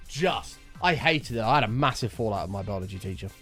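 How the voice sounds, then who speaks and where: A man talking over his gameplay in a loose, rambling way, dropping swear words as he goes. His pitch swings up and down a lot, and faint music plays underneath. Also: lively intonation, a little fast, fairly bright tone. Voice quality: chatty, rambling, sweary storytelling. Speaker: streamer. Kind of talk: casual gameplay chat.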